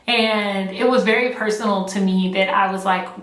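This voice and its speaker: A woman's voice: mid-range voice, steady tone, moderate pace, a bit bright. A woman chatting casually while doing her makeup, rambling and filling her talk with "like" and "right.". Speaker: beauty vlogger. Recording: echoey room, mic at a distance.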